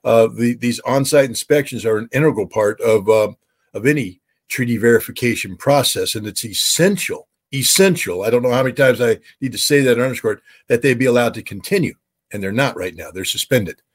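Appearing as an interview guest, a man who used to be a weapons inspector gives expert analysis in a mid-range voice. He speaks haltingly with lots of fillers, perking up whenever he quotes someone.

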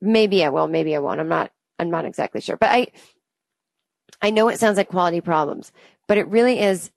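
A woman's voice: lowish voice, brisk, vocal fry. A woman in her late thirties, a comedian telling a funny story and acting out both sides of the conversation in a chatty way. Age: 30s. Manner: acts out both sides of the dialogue with chatty asides.

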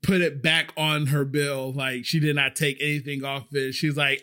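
Server guy telling a story, chatty and animated, lots of "like", voice a bit high. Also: moderate pace. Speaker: restaurant server. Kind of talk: casual storytelling.

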